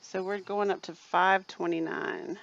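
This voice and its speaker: A woman's voice: mid-range voice, steady tone, a little slow, fairly bright tone, muffled recording. A woman co-hosting a casual show, chatting viewers through a mixing demonstration step by step. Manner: chatty, explains step by step, addresses viewers as "people". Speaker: co-host demonstrating recipe mixing. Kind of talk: casual instructional chat.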